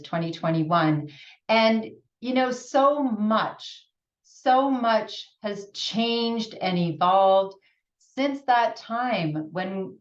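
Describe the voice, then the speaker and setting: Slow, earnest Canadian woman in a roomy space. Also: lowish voice. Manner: gentle, earnest, laughs often, many restarts. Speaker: podcast host. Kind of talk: reflective solo talk. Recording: roomy, distant, dull lo-fi sound.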